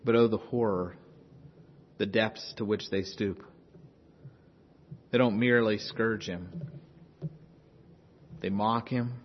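A male pastor delivers an impassioned sermon, rising to urgent loud passages and dropping to hushed intensity. His voice is a little husky, and it rings with long reverb in a large room. The recording sounds dull and muffled. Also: on the low side, steady tone, slow, long pauses.

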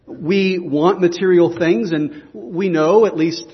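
A man's voice: high-pitched, slow, long reverb tail, lo-fi sound. A man preaching a sermon as pastor, earnest and emphatic, often restarting his phrases.

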